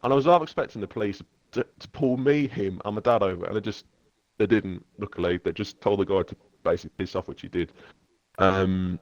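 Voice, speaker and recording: English man, casual storyteller, swearing, deep-ish voice, dull dry sound. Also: brisk, no echo. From England. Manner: animated, swearing, loud shifts when quoting others. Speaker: podcast host.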